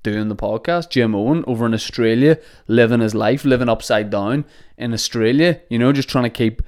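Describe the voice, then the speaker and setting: A man's voice: medium pitch, a little fast, darkish tone. A young man hosting a podcast, rambling and joking with plenty of swearing. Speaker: podcast host. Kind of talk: casual comedic monologue. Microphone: podcast microphone.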